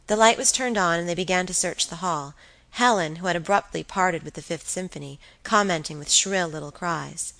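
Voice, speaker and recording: A woman's voice: lowish voice, normal speed, gravelly, a bit bright, no echo, rough recording. A woman narrating a classic novel as an audiobook reader, reading expressively.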